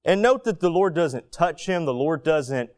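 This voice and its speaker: A man's voice: a little high, animated, measured pace, darkish tone. A man preaching a sermon, telling the story vividly and acting out people's inner thoughts. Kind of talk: expository sermon.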